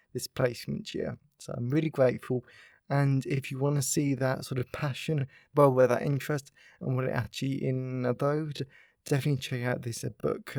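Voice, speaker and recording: A man's voice: mid-range voice, vocal fry, a little mellow, dry recording, studio quality. A young man hosting his own podcast, chatting casually and upbeat with lots of "like" fillers. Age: young adult. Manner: upbeat, rambling, heavy use of "like" fillers. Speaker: podcast host. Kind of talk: casual solo podcast chat.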